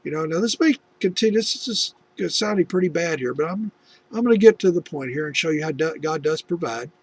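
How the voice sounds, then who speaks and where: Gravelly middle-aged man telling a story. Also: a little high, expressive, brisk, no room sound. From United States. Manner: rambling, with many restarts and asides. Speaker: video testimony host. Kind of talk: personal faith testimony storytelling.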